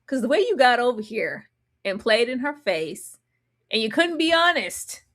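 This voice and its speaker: Woman, sassy reality show recap, animated mocking delivery, slightly high pitch. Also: moderate pace. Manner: animated, sassy, mocking voices of cast members. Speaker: reality TV commentator. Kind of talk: live show recap commentary.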